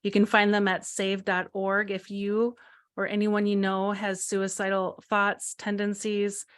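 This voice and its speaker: A woman's voice: mid-range voice, monotone, unhurried, clean tone. A woman hosting an interview podcast in a friendly, upbeat way. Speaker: podcast host.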